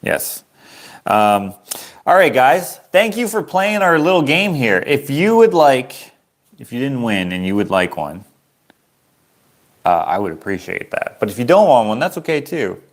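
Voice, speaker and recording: A man's voice: mid-range voice, very animated, unhurried. A man from Canada, an artist chatting casually and rambling on a livestream while selling his prints. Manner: rambling, easygoing, chuckles at himself.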